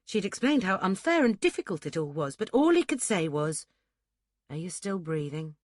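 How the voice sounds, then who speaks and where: A woman with a mid-range voice narrates a scripted historical romance audiobook in a steady, measured storytelling manner. The studio sound is clean, with no echo.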